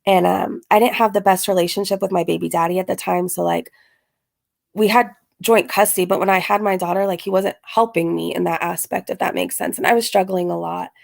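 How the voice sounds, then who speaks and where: A woman's voice: fairly low pitch, steady tone, fairly quick, vocal fry. A young woman hosting a casual live question-and-answer stream, rambling with many fillers as she reads and answers chat comments. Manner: rambling, filler-heavy talk with frequent "like". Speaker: channel host answering viewer questions.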